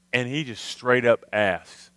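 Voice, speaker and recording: Bright-voiced man telling a camp story. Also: medium pitch, no room sound. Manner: animated, tags sentences with "okay? all right?". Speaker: camp speaker, former youth minister. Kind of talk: humorous storytelling to a youth crowd. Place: live youth camp worship service.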